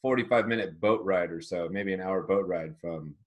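A man's voice: deep voice, normal speed. A man co-hosting a casual podcast, chatting in a laid-back, joking way. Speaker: podcast co-host.

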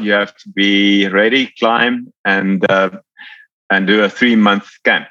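Low-voiced South African man. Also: flat delivery, measured pace, pushed and bright, dry recording, lo-fi sound. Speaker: podcast guest, Paralympic athlete. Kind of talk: casual storytelling.

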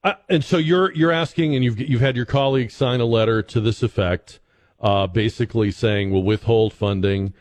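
A man's voice: medium pitch, normal speed, a little mellow, no echo. A man hosting a radio talk show, asking long questions in a conversational way. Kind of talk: radio interview.

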